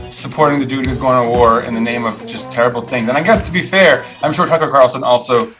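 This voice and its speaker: A man's voice: mid-range voice, fast talker, hardly any pauses, music in the background, rough recording. A man hosting a podcast, giving opinionated, sardonic commentary on the week's news in a loose, rambling way full of fillers and restarts. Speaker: podcast host.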